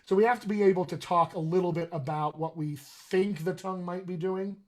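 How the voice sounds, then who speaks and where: A man with a fairly high voice leads a live-streamed acting class about accents. He explains patiently and keeps asking his viewers "all right?" The sound is plain webcam audio from a home room. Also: steady tone, brisk. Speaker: dialect coach.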